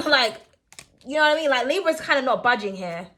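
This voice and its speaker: A woman's voice: high-pitched, expressive, a little fast, fairly bright tone. A young woman giving a casual tarot reading, chatty and blunt, swearing and laughing freely as she talks. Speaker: tarot reader.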